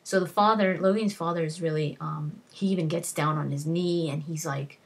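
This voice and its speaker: A woman with a low, breathy voice talks through a book's plot in a loose, unscripted way. She circles back on herself and fills gaps with "like" and "you know" as she retells each scene. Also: steady tone, moderate pace. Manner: rambling retelling with frequent "like" and restarts. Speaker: book reviewer. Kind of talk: casual spoken book summary.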